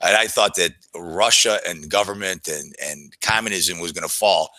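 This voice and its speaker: A low-pitched man tells a long personal story in a loose, rambling way, stopping and restarting often. His voice is bright and forceful, and the recording is dry and close with no room sound. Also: moderate pace, dry recording, low-quality recording. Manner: rambling, with frequent fillers and restarts. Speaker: trader telling a story to an audience. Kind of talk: casual storytelling.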